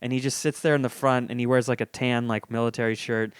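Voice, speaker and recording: A man's voice: mid-range voice, flat delivery, quick pace, smooth, dry recording, studio quality. A young man hosting a casual podcast chat, rambling through stories and laughing often. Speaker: podcast host.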